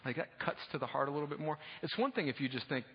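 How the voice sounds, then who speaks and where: Husky-voiced male pastor in a reverberant hall. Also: a little high, expressive, quick pace. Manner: casual, humorous preaching that swells to loud fervor. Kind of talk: sermon. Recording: dull lo-fi sound with long hall reverb.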